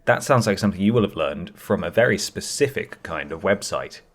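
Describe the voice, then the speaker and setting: A man's voice: low-pitched, a little fast. A man co-hosting a comedy podcast, teasing and joking in casual chat. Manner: jokey, teasing, animated. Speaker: podcast co-host.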